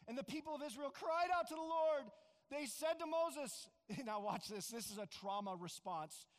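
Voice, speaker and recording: A pastor preaching a sermon, animated and acting out quoted voices, sometimes with bursts of shouting. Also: male voice, extremely high pitch, normal speed. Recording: hall with long reverb.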